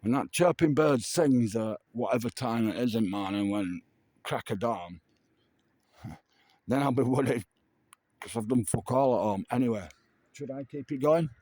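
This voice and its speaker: A man's voice: medium pitch, a little mellow, no room sound. A tipsy middle-aged man, rambling and swearing casually through a vlog monologue. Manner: meandering, swears casually, slow drawl. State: tipsy from drinking. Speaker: vlogger. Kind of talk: rambling late-night monologue.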